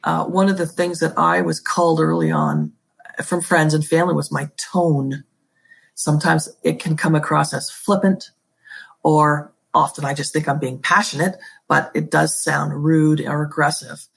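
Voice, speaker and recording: A woman's voice: low voice, little pitch movement, moderate pace, gravelly, breathy edge. A woman guest talking as an educator and school leader in a podcast interview, emphatic and passionate, with pet phrases she repeats.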